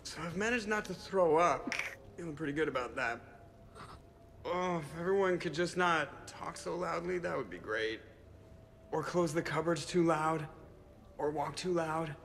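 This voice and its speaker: A wry, hungover pilot. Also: male voice, fairly high pitch, expressive, normal speed, gravelly, fairly bright tone, slight background noise. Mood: groaning. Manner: dry, wry complaining. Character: hungover wisecracking male pilot. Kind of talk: video game voice acting.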